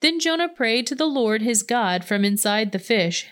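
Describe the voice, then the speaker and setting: A woman reading a Bible passage aloud in a steady, measured way. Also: on the high side, smooth. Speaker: scripture reader.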